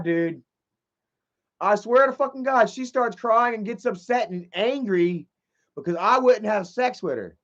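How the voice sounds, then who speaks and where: Through dull lo-fi stream audio comes a man's high, a bit bright voice. Live on stream, he rambles through a long, profane personal story and reads chat messages out loud.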